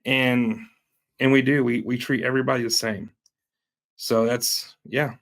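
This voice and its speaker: A man being interviewed as a guest, speaking haltingly and often pausing with fillers. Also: mid-range voice, flat delivery, gravelly, a bit bright. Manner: hesitant, many fillers and restarts. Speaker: guest entrepreneur. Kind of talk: conversational interview.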